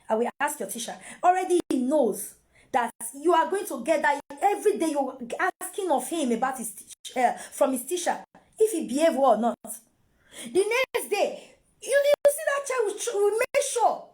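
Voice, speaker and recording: A woman's voice: extremely high pitch, big pitch swings, brisk, darkish tone. A Nigerian woman and mother giving casual parenting advice to camera, repeating phrases and mixing in pidgin.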